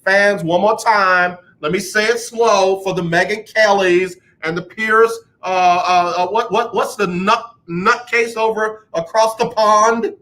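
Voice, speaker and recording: A man's voice: high voice, steady tone, measured pace, few pauses, bright, forceful tone. A man hosting a sports talk radio show, ranting emphatically about athletes and the media and taking callers. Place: radio studio.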